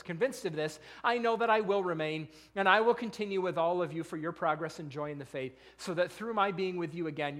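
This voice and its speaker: Middle-aged male pastor, high voice, earnest sermon delivery with rhetorical questions. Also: fairly bright tone. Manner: earnest, quotes scripture, asks rhetorical questions.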